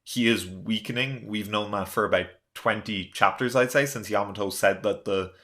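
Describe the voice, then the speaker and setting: Low-voiced man chatting casually. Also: fairly even intonation, moderate pace, a bit bright. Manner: loose and chatty, heavy use of "like" fillers. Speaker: manga reaction channel host. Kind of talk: casual chapter review commentary.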